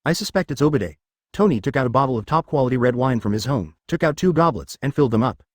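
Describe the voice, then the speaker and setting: A man's voice: mid-range voice, animated, fast, no room sound, clean studio sound. A man reading a story aloud as scripted audiobook narration, in a matter-of-fact way.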